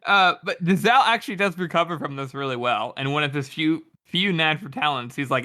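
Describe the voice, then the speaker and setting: A man's voice: fairly high pitch, a little fast, few pauses, pushed and bright. A man co-hosting a book podcast, retelling a scene casually and laughing often. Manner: giggly, laughs through retelling. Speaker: podcast co-host.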